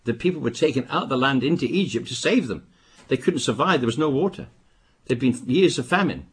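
An older man from Britain preaching a sermon, with emphatic bursts and quieter asides. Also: mid-range voice, animated, a little fast, husky. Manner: emphatic, rising to stress warnings, then dropping to asides.

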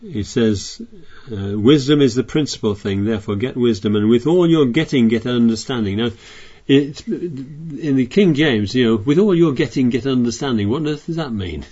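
A man's voice: medium pitch, moderate pace, mellow, breathy edge, dull audio. A man preaching a sermon, reading scripture aloud and explaining it in a chatty way with frequent restarts.

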